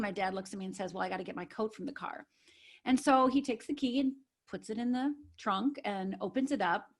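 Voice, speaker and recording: A woman's voice: mid-range voice, a bit bright. A woman from Upper Michigan, a life coach guest on a podcast, telling a personal story in an earnest, emphatic way and often checking in with "right?". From Upper Michigan, USA.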